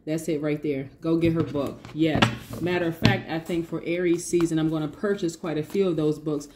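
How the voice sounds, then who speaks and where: A woman giving a lively tarot reading, talking casually to her viewers and hyping them up with affirmations. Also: low voice, brisk, noisy background. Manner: lively, hypes viewers with call-and-response affirmations; casual, says y'all, laughs often. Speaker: tarot reader. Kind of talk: energetic motivational tarot reading.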